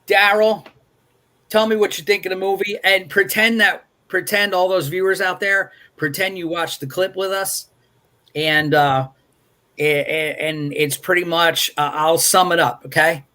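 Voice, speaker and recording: A man with a somewhat high voice hosts a laid-back movie review live stream over a video call. He rambles wryly through the story, stopping often for fillers and restarts. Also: steady tone, measured pace, pushed and bright. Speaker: movie review show host.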